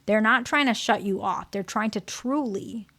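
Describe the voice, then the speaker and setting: A woman's voice: medium pitch, normal speed, a bit bright. A woman therapist giving an educational talk to camera, conversational and often checking in with the listener. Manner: conversational, keeps checking in with "right?" and "okay?".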